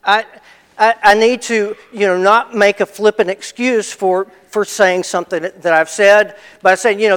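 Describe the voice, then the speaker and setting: A man's voice: high-pitched, fairly even intonation, normal speed, a bit bright, clear, resonant tone. A man preaching a conversational sermon as a pastor, telling personal stories and repeating phrases for emphasis. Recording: long reverb of a large hall.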